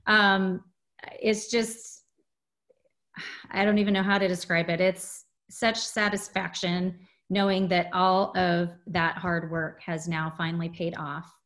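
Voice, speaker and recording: A woman's voice: on the low side, level tone, slow, a bit bright. A woman, a guest in a casual interview, talking earnestly with many "you know" fillers.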